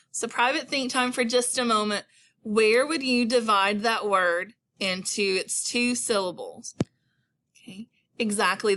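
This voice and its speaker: A woman teacher giving a recorded phonics lesson to young children, speaking slowly and encouragingly with clearly enunciated words. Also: on the high side, sharp tone. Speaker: elementary school teacher.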